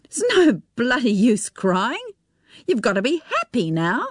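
Angry teenage son, blunt and bitter, read by a woman, slow measured delivery, dry close sound. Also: fairly high pitch, sing-song, dry recording, pitched above the performer's own voice. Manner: curt, bitter retorts.

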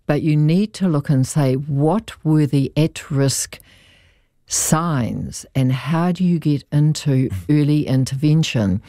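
A lawyer telling a client's story in an interview, in an earnest, measured way with emphatic repeats. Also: mid-range voice, warm tone, no echo, studio quality.

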